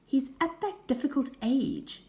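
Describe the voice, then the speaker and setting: A patient, firm mother from a children's storybook, voiced by a woman reading aloud. She speaks in a measured, fairly high voice and lays down the rules calmly. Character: patient mother of a busy family.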